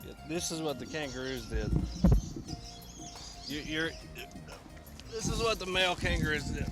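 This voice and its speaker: Halting man in a street interview. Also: on the high side. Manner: halting, relaxed. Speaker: park visitor interviewee. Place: outdoor walkway. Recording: off-mic with music over it.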